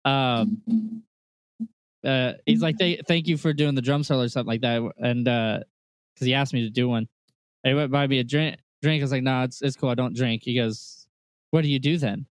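Guy on a podcast, mid voice, dry close sound, quick jokes. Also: medium pitch, fairly even intonation, clear, resonant tone, no echo. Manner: quick joking remarks, anecdotes. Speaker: podcast co-host, drummer. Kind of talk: casual chat.

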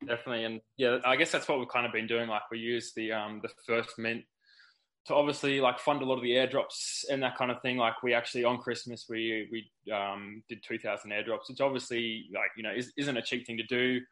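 A man appearing as a podcast guest, talking hesitantly with many pauses and fillers. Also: medium pitch, fairly even intonation, fairly bright tone, rough recording. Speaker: project team member guest. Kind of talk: casual interview chat.

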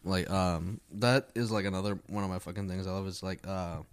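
A man's voice: low voice, fairly even intonation, brisk, slight background noise. A young adult man, a stand-up comedian, chatting casually in a profane, rambling way and laughing often. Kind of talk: casual podcast chat.

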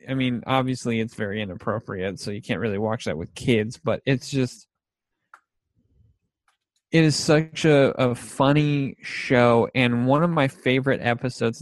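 A man's voice: mid-range voice, no echo. A young man chatting casually about favorite TV shows, rambling and laughing often as he acts out scenes.

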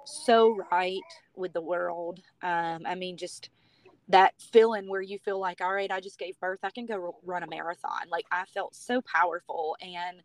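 A woman's voice: fairly low pitch, fairly even intonation, normal speed, no echo. A woman from the United States telling her personal story as a guest on a podcast, chatty and heartfelt, with lots of "you know" and "like".

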